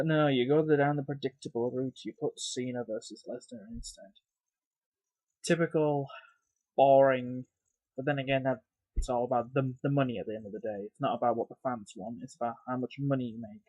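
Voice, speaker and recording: A man's voice: no echo, muffled recording. A man delivering a profane, exasperated rant as a video review, sighing often between complaints. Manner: loud and emphatic at first, then grumbling and lower. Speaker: wrestling reviewer.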